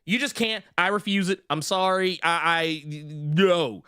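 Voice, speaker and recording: A man's voice: sits high, normal speed, sharp tone, clean tone, no room sound, clean studio sound. A man co-hosting a podcast, ranting in casual comedic chat, repeating himself and putting on mocking voices. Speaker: podcast co-host.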